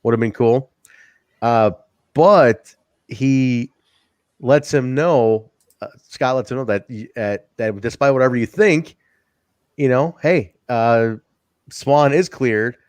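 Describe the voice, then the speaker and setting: Male podcast host, mid pitch, dry close sound, excited swearing recap. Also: no room sound. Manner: profane, excited recapping with laughs. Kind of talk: casual chat.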